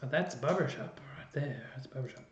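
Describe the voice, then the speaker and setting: With lively intonation at a normal speed, a man with a mid-range voice gives an online music lesson as a chorus educator. He explains each step and thinks aloud while operating a computer, in a dull, roomy lo-fi recording with faint noise.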